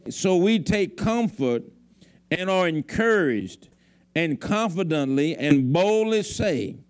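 A man's voice: a little high, expressive, slow. A man preaching a sermon to a congregation, emphatic and repeating his lines. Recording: faint crowd from the congregation.

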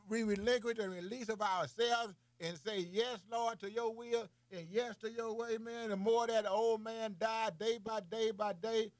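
High-voiced preacher man, dry sound. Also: gravelly, no room sound. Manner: calls listener man, boy and baby constantly; laughs between phrases, swings from loud to soft. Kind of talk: informal preaching.

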